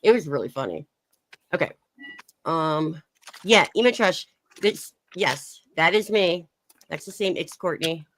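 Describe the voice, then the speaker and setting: A young woman streamer talks casually and laughs often as she reads out chat messages, her low voice swinging widely in pitch. She sounds relaxed and easygoing with her audience. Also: a little slow, long pauses, a little hiss or hum.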